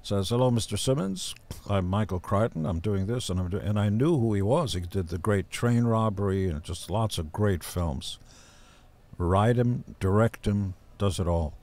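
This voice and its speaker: A man in his seventies, a podcast guest, telling stories in a gruff, deadpan way and acting out other people's voices. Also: fairly low pitch, moderate pace. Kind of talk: casual storytelling.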